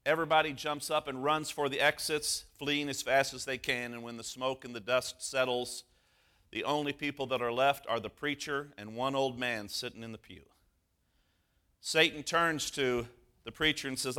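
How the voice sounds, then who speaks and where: A man preaching a sermon as pastor, earnest, slowing down for emphasis. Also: mid-range voice, fairly even intonation, sharp tone.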